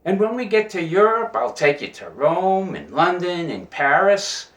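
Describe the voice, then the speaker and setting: A man voicing a smooth-talking young sailor in a joke, in a fairly roomy recording. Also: high voice, big pitch swings, unhurried, fairly bright tone, pitched above the performer's own voice, heavily acted. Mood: persuasive. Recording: roomy echo.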